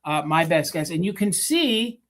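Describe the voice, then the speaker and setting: A woman co-hosting a live vintage sale, pitching items in a chatty way with filler words and counting down bids. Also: sing-song, normal speed. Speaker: live sale co-host and seller.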